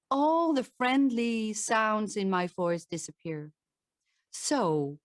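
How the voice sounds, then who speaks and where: A woman with a Dutch accent speaks slowly and deliberately, a voice coach explaining and demonstrating how the voice works. Her pitch is mid-range for a woman. The sound is close and dry, with little room echo. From Netherlands. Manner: demonstrative, shifts pitch to show examples. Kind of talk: talk with vocal demonstrations.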